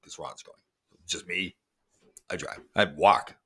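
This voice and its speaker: Deep-voiced man in his sixties chatting. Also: measured pace, bright, forceful tone, husky. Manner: rambling, joking and self-deprecating. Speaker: show host. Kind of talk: casual livestream chat with viewers.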